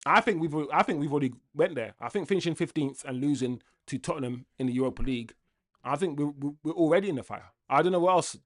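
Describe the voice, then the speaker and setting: A man's voice: on the high side, quick pace. A young man hosts a fan livestream and rants angrily to his chat in a casual way. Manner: angry, ranting, lively with laughs.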